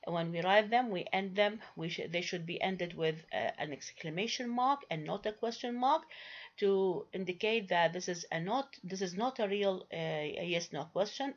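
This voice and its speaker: A woman giving a grammar lecture, hesitant, with many fillers and restarts, quizzing her listeners with rhetorical questions. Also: mid-range voice. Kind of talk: recorded lecture. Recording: dull lo-fi recording.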